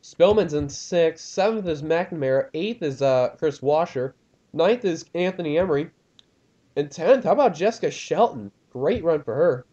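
A young man doing casual commentary on a sim race, rambling with many ums and getting excited at crashes. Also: a little high, normal speed, highs cut off. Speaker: lead commentator of a sim racing league.

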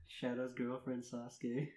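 Man reading fan fiction in a roomy echo. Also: medium pitch. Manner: earnest mock-dramatic reading, laughing breaks. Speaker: podcast host.

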